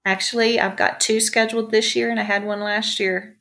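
A woman's voice: on the high side, little pitch movement, brisk, gravelly. A middle-aged woman, a ranch owner, chatting in an interview and telling stories with lots of ums and asides. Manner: chatty, warm storyteller with many fillers. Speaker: ranch owner and bar owner, guest. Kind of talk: casual interview storytelling.

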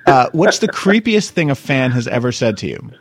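A man hosting a podcast, asking questions in an excitable, cheeky way and swearing freely. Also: medium pitch, normal speed, no echo. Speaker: podcast host. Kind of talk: casual interview chat.

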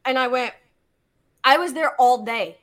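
Brief: woman guest, high bright voice, animated storyteller, salty language. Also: unhurried. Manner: animated, swearing, acts out quotes. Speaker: guest geologist. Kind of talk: casual storytelling.

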